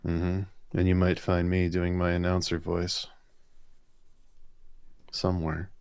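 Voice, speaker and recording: A man's voice: low voice, monotone, takes it slowly, a little mellow, clear, resonant tone, no echo. A man co-hosting a live stream, reading viewer questions aloud and answering with rambling, enthusiastic stories. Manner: chatty, rambling, enthusiastic storytelling. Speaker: comic artist and co-host.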